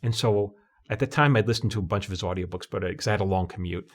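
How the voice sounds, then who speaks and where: A man's voice: lowish voice, rapid-fire. A middle-aged man, a TV comedy writer, telling stories in an interview and acting out what people said. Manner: animated storyteller, acts out voices in quotes. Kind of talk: conversational interview.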